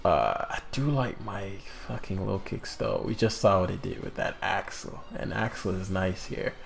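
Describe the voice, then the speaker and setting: A man commentating his own competitive game in a casual, put-on British-sounding accent, swearing now and then with sudden loud outbursts. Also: deep voice, normal speed, gravelly.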